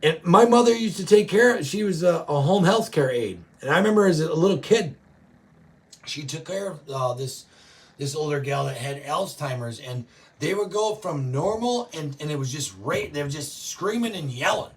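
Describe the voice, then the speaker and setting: A man hosting a show, ranting profanely and yelling often, reacting to live chat. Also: fairly high pitch, lively intonation, moderate pace, recorded from a distance. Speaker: show host. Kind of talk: political rant to live chat.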